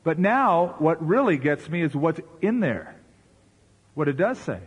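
Husky-voiced pastor preaching conversationally. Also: male voice, fairly high pitch. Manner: conversational preaching with rhetorical questions and asides. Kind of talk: sermon.

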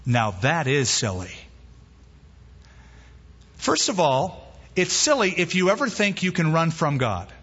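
A male pastor preaches with a bright, forceful, slightly husky voice that rings through a large hall with a long reverb. He leans into key words and stretches them out for emphasis. The recording is muffled and a little dull. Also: on the high side, big pitch swings, measured pace, pauses often. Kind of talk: sermon.

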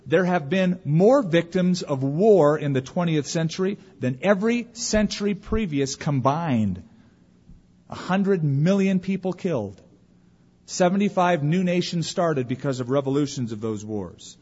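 A man preaching a sermon as pastor, emphatic, slowing for weight and dropping to a hush at the ends of phrases. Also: a little high, animated, slightly rough. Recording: dull lo-fi recording.

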